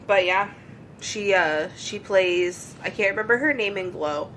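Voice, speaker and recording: A woman's voice: medium pitch, measured pace, fairly bright tone, a little hiss or hum, poor audio. A woman co-hosting a casual podcast chat, teasing her partner and giving blunt opinions. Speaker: podcast co-host.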